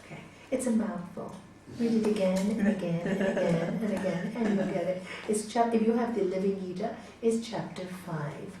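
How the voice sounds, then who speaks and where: A woman teaching a spiritual yoga class in a gentle, chatty way, laughing often and acting out inner voices. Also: medium pitch, normal speed, hardly any pauses, crowd noise. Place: large hall. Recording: echoey hall from far off.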